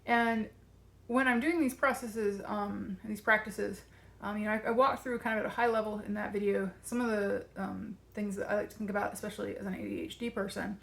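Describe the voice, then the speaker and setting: A woman's voice: medium pitch, fairly even intonation, a little fast, creaky. A woman, out of breath, hosts her channel and explains a tarot practice in a chatty, rambling way. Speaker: tarot coach and channel host. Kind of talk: casual video walkthrough.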